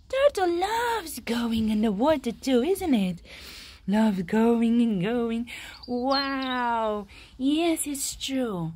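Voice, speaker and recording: A high-voiced woman tells a story to small children, her pitch leaping around as she gasps and exclaims. She takes her time and keeps asking the little listener to spot things. Faint noise sits behind her. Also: extremely slow. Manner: animated, gasping, exclaiming, asking the listener questions.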